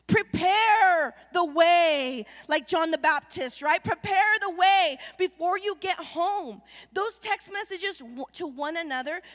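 A woman pastor delivers an animated sermon and keeps calling the congregation to respond. Her voice sits high and carries a long reverb from a large church sanctuary. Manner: animated preaching with call-and-response.

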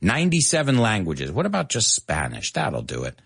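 Playful, husky-voiced male teacher. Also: fairly low pitch, normal speed. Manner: animated and playful, laughing at his own jokes. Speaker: English teacher on a live stream. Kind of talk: casual live-stream language lesson.

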